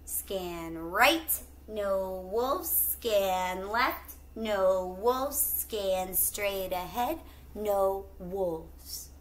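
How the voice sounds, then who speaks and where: A woman's voice: medium pitch, very slow. A woman voicing a young shepherd girl, earnest and determined, in a storybook read-aloud. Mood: careful.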